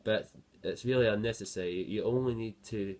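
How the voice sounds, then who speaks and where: A man's voice: fairly low pitch, fairly quick. A man giving a guitar lesson, patiently explaining and counting beats aloud as he plays. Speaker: guitar teacher. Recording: loud guitar playing over the voice.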